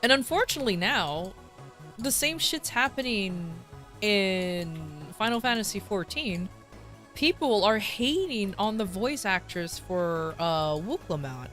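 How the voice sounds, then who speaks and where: A woman's voice: medium pitch, animated, unhurried, fairly bright tone, soft background music. A woman streamer in a casual livestream chat, ranting bluntly with swearing and frequent restarts.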